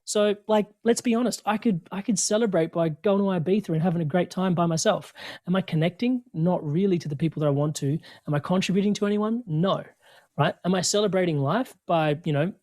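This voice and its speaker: Man, slightly raised pitch, energetic storyteller, conversational coaching talk. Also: a little fast. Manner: energetic, animated storytelling with quoted dialogue. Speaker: podcast guest.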